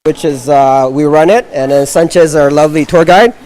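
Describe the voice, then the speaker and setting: A man's voice: fairly high pitch, normal speed, darkish tone. A man from a food tour company speaking on camera, hesitant, with many fillers.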